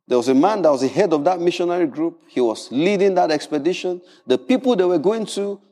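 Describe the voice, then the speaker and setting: A man preaching a sermon in an animated, humorous way, often repeating words. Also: sits high, a little fast, in a large hall. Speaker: pastor.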